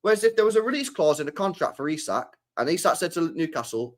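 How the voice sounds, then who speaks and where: A man's voice: sits high, big pitch swings, fast talker, hardly any pauses, fairly bright tone. A man hosting a live stream, ranting about football in a repetitive, slangy, sweary way. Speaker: streamer host.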